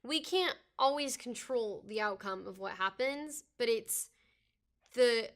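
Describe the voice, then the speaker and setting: Speaking slowly and expressively in a slightly high voice, a young woman joins her parent's podcast as a guest, since she is the host's daughter. The conversation is casual, and she's earnest and reflective, frequently prefacing thoughts with "I think."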